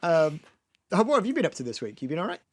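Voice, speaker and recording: A man co-hosting a podcast in casual chat, chatty and quick to laugh, sometimes repeating words as he restarts a sentence. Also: on the high side, huge pitch swings. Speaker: podcast co-host.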